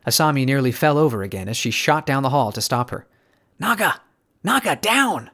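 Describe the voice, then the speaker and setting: A man reading an audiobook in an even storytelling tone with hushed tension. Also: mid-range voice, fast talker. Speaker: audiobook narrator. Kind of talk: scripted audiobook narration.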